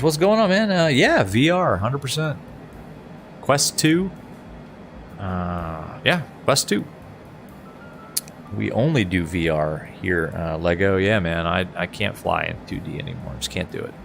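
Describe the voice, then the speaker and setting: A man's voice: fairly low pitch, gravelly. A middle-aged man streaming a flight sim in casual chat, laughing often as he answers his viewers.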